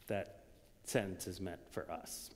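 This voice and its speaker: A man preaching a sermon, swinging from loud, emphatic lines down to hushed whispers. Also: low-pitched, fairly even intonation, a little slow, in a large hall, a little hiss or hum. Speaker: pastor.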